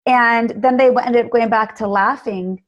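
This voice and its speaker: A woman guest on a podcast interview, telling stories in an animated way. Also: fairly high pitch, normal speed, muffled recording. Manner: animated storyteller. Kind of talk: conversational interview.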